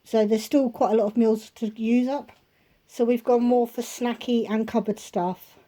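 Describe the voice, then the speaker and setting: A woman's voice: a little high, steady tone, moderate pace, mellow. A woman vlogging a grocery haul from her kitchen at home, talking casually and rambling into chatty asides.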